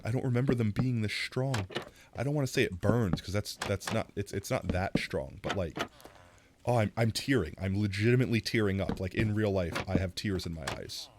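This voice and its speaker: Over some background noise, a man with a lowish voice streams live while playing, rambling casually into a close mic despite a sore throat. He's self-deprecating and reacts loudly.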